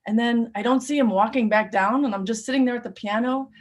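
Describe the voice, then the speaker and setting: Telling a true personal story on stage, a woman speaks fast in a voice on the high side. She's animated, swinging between urgent, louder passages and hushed, quiet ones.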